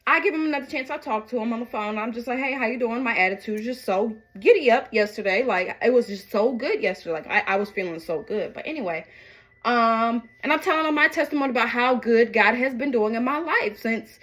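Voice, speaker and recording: A woman vlogging while she cooks dinner, telling a story in a chatty, animated way and acting out both sides of a phone argument. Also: on the high side, fairly quick, low-quality recording. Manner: repeats "you know what I'm saying", emphatic and faith-filled. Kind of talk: casual storytelling while cooking. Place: home kitchen. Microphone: phone camera.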